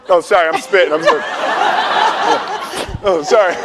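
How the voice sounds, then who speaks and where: A man telling a personal story on stage, animated, acting out quoted voices and laughing often, standing as he speaks. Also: high-pitched, unhurried, long pauses, heavy background noise. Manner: stands up while talking.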